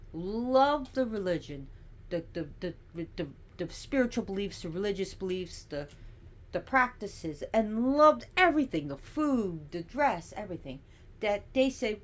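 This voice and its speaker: A woman's voice: medium pitch, big pitch swings, unhurried. A woman giving a casual teaching monologue, chatty and digressive, with sassy asides.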